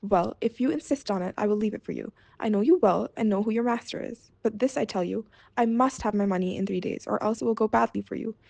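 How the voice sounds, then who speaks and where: A woman voicing a stubborn, grumbling peasant man in a read-aloud fairy tale, blustering and exasperated, with a creaky edge. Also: mid-range voice, fast talker, few pauses, dark tone, no room sound.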